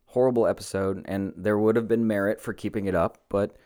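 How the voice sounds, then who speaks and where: A young man co-hosting a podcast, talking in a rambling, self-deprecating way with many halting restarts. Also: on the low side, steady tone, warm tone, no echo, studio quality. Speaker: podcast co-host. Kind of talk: casual podcast chat. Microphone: podcast mic.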